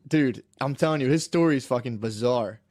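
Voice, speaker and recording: A man's voice: medium pitch, a little fast, darkish tone, dry recording, clean studio sound. A man co-hosting a casual podcast, rambling through a story with lots of slang and swearing.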